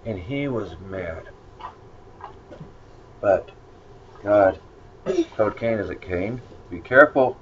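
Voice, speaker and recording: A man's voice: fairly low pitch, lively intonation, takes it slowly, pauses often. A man giving a casual Bible lesson, rambling and conversational with many fillers. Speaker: Bible study teacher. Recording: dull lo-fi recording with faint noise.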